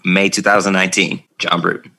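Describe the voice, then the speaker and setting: A man hosting a casual interview, speaking haltingly with lots of fillers. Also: deep voice, flat delivery, vocal fry, bright, forceful tone. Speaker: podcast host.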